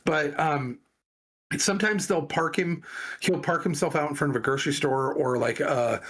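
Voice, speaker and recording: A man's voice: a little high, fairly even intonation, moderate pace, a bit bright. A man on a casual talk show, telling a long story with many restarts and fillers. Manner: rambling storyteller with frequent restarts. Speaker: podcast co-host. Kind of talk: casual chat.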